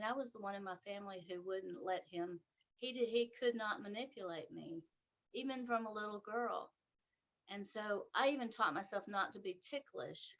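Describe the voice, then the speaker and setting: A woman's voice: medium pitch, fairly bright tone, muffled recording. Middle-aged woman sharing a personal story. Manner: halting, with many restarts and trailing phrases; earnest and emotional, voice rising at intense moments. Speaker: speaker in a sharing circle. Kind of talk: personal testimony, casual.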